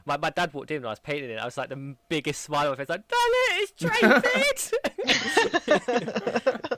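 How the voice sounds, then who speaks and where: A man's voice: fairly high pitch, rapid-fire, a loud crowd. A man, chatting casually on a podcast, hesitant and easygoing. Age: 20s. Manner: hesitant, full of fillers and restarts, easygoing. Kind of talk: casual chat.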